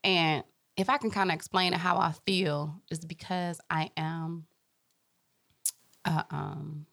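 A young woman co-hosting a podcast, chatting casually and telling a work story with lively voiced quotes. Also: low-pitched, slow pace, vocal fry. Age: young adult. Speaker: podcast co-host. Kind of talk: casual chat.

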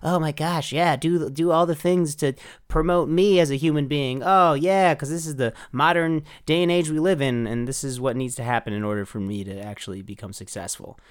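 A man's voice: on the high side, fairly quick, clean tone, lightly acted. Podcast host, male, putting on a hammy Canadian accent for the outro; folksy and chirpy. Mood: folksy cheerful. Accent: put-on Canadian. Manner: folksy, chirpy, swears casually. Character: cheery man with a put-on Canadian accent. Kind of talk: podcast sign-off.

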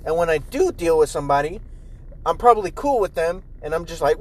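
A young man talks alone in his parked car, swearing freely as he rambles about work. His voice sits fairly high, and he keeps breaking into loud, excitable bursts. The sound is casual and close, like a phone propped up in the car. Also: brisk, poor audio. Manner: animated, profane, jumps into loud high mimicry. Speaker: podcast host. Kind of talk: casual solo podcast rant. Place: inside a car.

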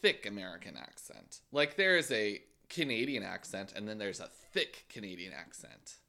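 A man's voice: fairly low pitch, big pitch swings, normal speed, creaky, pushed and bright. A young man co-hosting a podcast in casual banter, teasing and asking playful questions. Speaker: podcast co-host.

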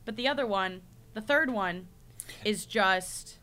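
A young woman, a university student, chatting casually on a podcast and telling a rambling, animated story full of "like"s. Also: medium pitch, slow pace. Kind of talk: casual chat.

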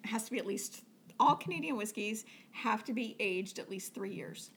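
A woman's voice: medium pitch, animated, moderate pace, a bit bright. A middle-aged woman co-hosting a casual podcast, easygoing and searching for words as she explains. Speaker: podcast co-host, retired firefighter. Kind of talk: casual chat.

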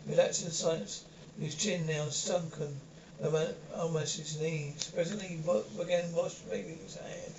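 A man narrating a novel in the first person, reading haltingly with frequent slips and restarts. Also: a little high, fairly even intonation, darkish tone. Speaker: audiobook narrator. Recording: dull lo-fi recording with faint hiss.

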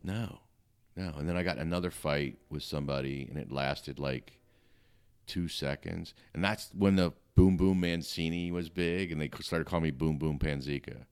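Very deep gravelly man telling stories. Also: moderate pace, darkish tone. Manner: blunt, streetwise, matter-of-fact. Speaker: podcast guest, comedian. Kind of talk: casual storytelling chat.

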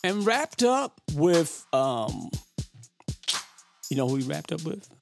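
A man hosting a podcast, chatting casually in an animated, rambling way with lots of fillers. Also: a little high, takes it slowly, creaky, music in the background. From Brooklyn. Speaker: podcast host. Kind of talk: casual chat.

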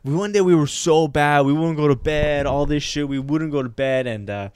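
A man's voice: fairly high pitch, moderate pace, a little mellow, clear, resonant tone, no room sound. A man co-hosting a casual comedy podcast, telling a rambling story, swearing freely and laughing often. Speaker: podcast co-host.

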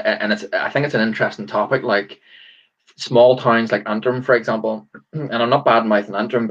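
A man's voice: on the low side, a bit bright. A man hosting a podcast, musing in a rambling, reflective way with many fillers. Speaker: podcast host. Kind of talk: casual interview. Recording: dull lo-fi sound.

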